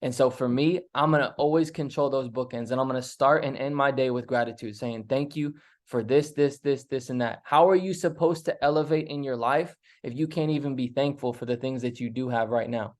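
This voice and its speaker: A young man giving an energetic, emphatic motivational talk as a mentor, often repeating himself and acting out quoted voices. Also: mid-range voice, a little fast, few pauses. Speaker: mentor speaker.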